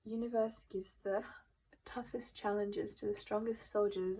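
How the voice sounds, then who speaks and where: A woman gives a gentle tarot reading in an unhurried, drawn-out way. Her voice is mellow and warm, and now and then it falls to a hushed whisper. She sounds earnest and moved as she talks. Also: mid-range voice, fairly even intonation, poor audio. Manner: gentle, slow and emotional, drifting into whispers. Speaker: tarot reader. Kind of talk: soft-spoken tarot reading.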